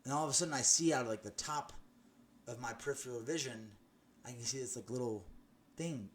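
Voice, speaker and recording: A man's voice: mid-range voice, fairly quick, a little hiss or hum. A young man giving a personal faith testimony, telling his story earnestly with many restarts and "you know"s. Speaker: testimony speaker.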